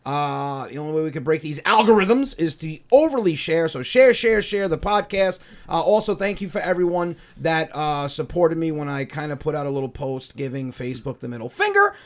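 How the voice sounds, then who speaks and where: Brief: male comedy podcast host, New York accent, higher voice, rambling animated storyteller. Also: brisk, hardly any pauses. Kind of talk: casual comedy podcast chat.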